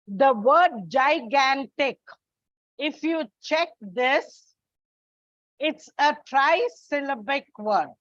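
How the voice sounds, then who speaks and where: Woman teacher, high voice, unhurried explanations, dull lo-fi recording. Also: a bit bright, no room sound. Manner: slow, deliberate explaining with spelled-out examples. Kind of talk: classroom English lesson. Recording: dull lo-fi sound.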